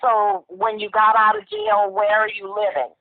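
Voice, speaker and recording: Over a tinny phone line, a Southern US woman, a mother, lectures her grown child bluntly and sternly. Her voice is medium-pitched at a normal speed.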